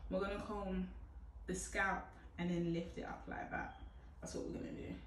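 A woman's voice: lowish voice, little pitch movement, normal speed, a little hiss or hum. Chatty woman, roomy distant sound. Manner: chatty, playful, bursts of loud whoops. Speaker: hair tutorial vlogger. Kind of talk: casual how-to chat to camera. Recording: echoey room from a distant mic.

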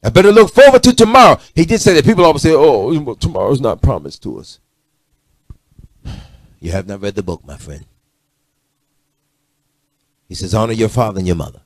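A middle-aged man preaching a sermon, swinging from loud emphatic lines to low muttered asides. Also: sing-song, moderate pace, long pauses, no room sound. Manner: preachy, rising to shouts and dropping to low asides.

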